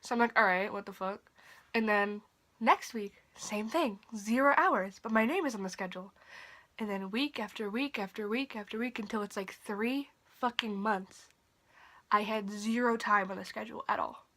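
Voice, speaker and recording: A woman's voice: medium pitch, moderate pace, a bit bright. Profane young woman telling a storytime. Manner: drops to a whisper at times. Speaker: vlogger. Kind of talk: casual storytime vlog. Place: bedroom at night.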